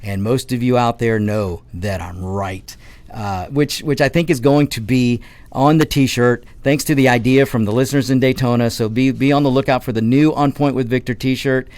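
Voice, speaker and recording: A man's voice: medium pitch, moderate pace, a little mellow, no room sound. A man hosting a talk radio show, ranting passionately with frequent restarts and stammers. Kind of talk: political talk radio monologue.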